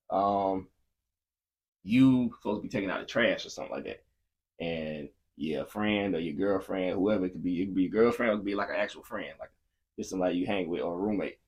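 A man co-hosting a casual faith-based podcast with his wife, telling lively everyday stories and acting out the dialogue. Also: low voice, breathy edge. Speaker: podcast co-host, husband.

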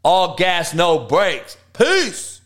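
A man with a slightly high-pitched voice hosts a morning football talk stream in a loose, swaggering way. He speaks bluntly, swears freely and keeps things casual with plenty of fillers. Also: lively intonation, unhurried, fairly bright tone. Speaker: sports talk show host.

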